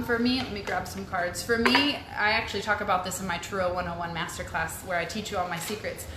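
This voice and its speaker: A woman's voice: medium pitch, noisy background. Chatty young woman, echoey room. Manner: chatty, upbeat, frequent ums and likes. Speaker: host answering viewer questions. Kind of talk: casual live-stream chat. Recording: echoey room with faint ambience.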